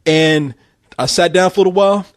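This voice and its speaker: Dry-voiced man telling a story, animated. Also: high-pitched, normal speed, dry recording. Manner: animated storyteller, swears freely, acts out voices. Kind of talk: casual storytelling chat.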